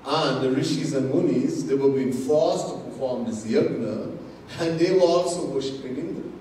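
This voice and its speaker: A man with a Trinidadian accent gives a sermon as a swami. He teaches slowly and with emphasis, repeats key words and drops in Hindi and Sanskrit terms. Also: mid-range voice, mellow, a little hiss or hum. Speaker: swami giving a Gita discourse. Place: large temple hall. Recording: distant mic in an echoey hall.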